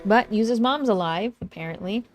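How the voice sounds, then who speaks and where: A young woman streaming a game, chatting casually with viewers in a relaxed way, with fillers and self-corrections. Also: medium pitch, a little fast, over music. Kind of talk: casual livestream game commentary.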